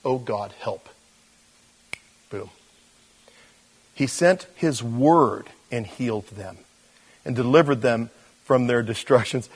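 A man preaching a relaxed, conversational sermon. He rambles a bit and leans on fillers, and now and then he jumps into the voices of the people he quotes. His voice sits at a middling pitch for a man. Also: low-quality recording. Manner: casual, loose, many fillers, acts out quoted voices. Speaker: pastor.

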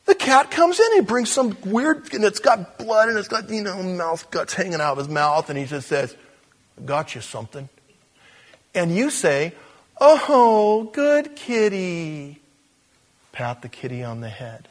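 Middle-aged male pastor, husky, conversational humorous sermon. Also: high voice, expressive, normal speed, few pauses, fairly bright tone. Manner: conversational and humorous, with acted quotes and laughs.

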